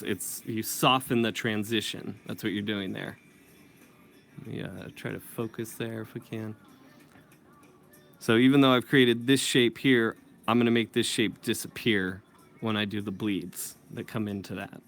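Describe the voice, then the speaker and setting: A man teaching comic inking in a casual tutorial, thinking aloud and correcting himself as he works. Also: mid-range voice. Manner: thinking aloud while working, self-correcting. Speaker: comic book inker.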